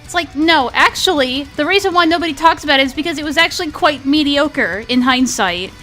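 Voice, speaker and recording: High-voiced young woman ranting profanely. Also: lively intonation, a little fast, pushed and bright, faint music behind. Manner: profane, sarcastic, heated ranting. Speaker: cartoon review commentator. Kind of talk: ranting commentary.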